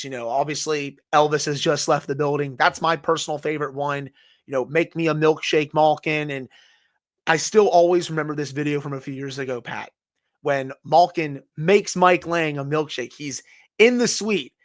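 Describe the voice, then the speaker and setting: A man's voice: fairly high pitch, a bit bright. A man co-hosting a sports podcast, talking enthusiastically and fondly in a casual way. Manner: enthusiastic, fond, lots of "you know" fillers. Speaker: podcast co-host.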